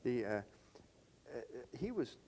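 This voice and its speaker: Older male interviewer, lively anecdotal storyteller, voice swings up and down a lot. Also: mid-range voice, slow, slight background noise. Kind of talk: reminiscing conversation.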